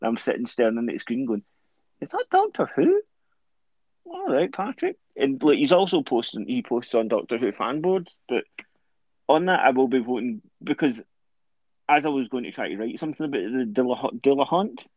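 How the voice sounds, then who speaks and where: A man's voice: medium pitch, lively intonation, a little fast, a little mellow, no room sound. Rambling Scottish man, dry dull audio. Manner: rambling, stumbles over words. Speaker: podcast co-host. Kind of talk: casual chat.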